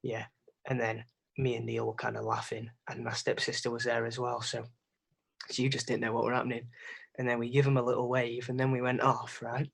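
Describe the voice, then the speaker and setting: A young man telling a holiday story in casual podcast chat, animated and sweary. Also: medium pitch, brisk, vocal fry, husky. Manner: animated, swearing, acts out voices in anecdotes. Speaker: podcast co-host.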